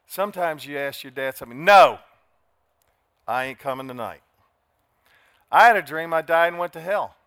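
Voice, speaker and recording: Bright-voiced older preacher. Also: male voice, on the high side, brisk, dry recording, clean studio sound. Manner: dramatic, shifts from soft to shouting. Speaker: pastor. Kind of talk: sermon.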